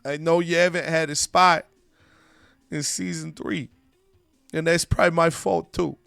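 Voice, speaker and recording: A man voicing a heartbroken young male wrestler speaking softly and apologetically. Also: fairly high pitch, little pitch movement, measured pace, gravelly, smooth, no echo, faint music behind. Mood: hesitant. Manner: hesitant, soft, apologetic.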